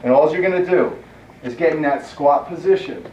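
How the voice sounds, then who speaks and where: Guy coaching a workout in a gym, slow clipped commands, counting reps, kinda far off and echoey. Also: on the high side, mellow, slight background noise. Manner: demonstrating while counting reps aloud. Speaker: fitness trainer. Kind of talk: workout instruction. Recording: echoey, distant, dull sound.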